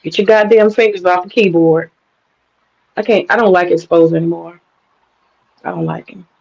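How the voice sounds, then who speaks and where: A woman's voice: on the low side, fairly even intonation, normal speed, a little mellow. Insistent woman on lo-fi stream audio. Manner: insistent, repeats phrases for emphasis; mocking, crude slang. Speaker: guest caller on a live stream panel. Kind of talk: heated live stream argument.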